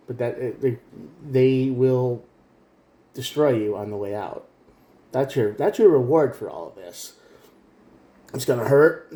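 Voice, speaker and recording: A man's voice: mid-range voice, warm tone, roomy sound. A man giving a casual spoken tarot reading, earnest and direct, often repeating himself. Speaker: tarot reader.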